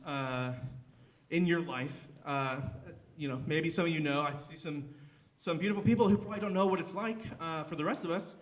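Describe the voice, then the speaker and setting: A man's voice: fairly high pitch, fairly bright tone. Rambling self-mocking young man on stage. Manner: rambling, self-deprecating, full of fillers. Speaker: stand-up comedian. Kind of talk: live stand-up set. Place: theater stage.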